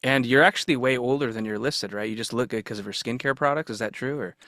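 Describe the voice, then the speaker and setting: A man hosting a casual interview podcast, asking quick, joking questions. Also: medium pitch, pushed and bright, dry recording, studio quality. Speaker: podcast host.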